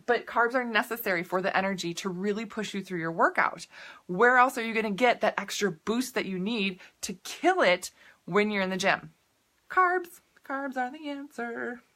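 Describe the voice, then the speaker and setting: A woman nutrition coach with a bright, forward voice chats casually on a live video. She is upbeat and laughs easily, drifting into tangents as she answers viewers. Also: mid-range voice.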